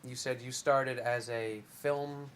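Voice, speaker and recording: A man's voice: medium pitch, fairly even intonation, slow pace, fairly bright tone, slight background noise. A male talk show host formally introducing and questioning his guest.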